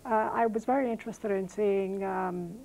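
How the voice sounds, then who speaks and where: A woman's voice: medium pitch, moderate pace, darkish tone, slight background noise, low-quality recording. A woman professor answering interview questions thoughtfully, with frequent fillers and self-corrections.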